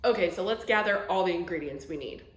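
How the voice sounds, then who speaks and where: Excitable young woman in an echoey kitchen. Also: on the low side, fast. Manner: chatty, excitable, self-mocking. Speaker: vlogger. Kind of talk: casual cooking vlog. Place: home kitchen.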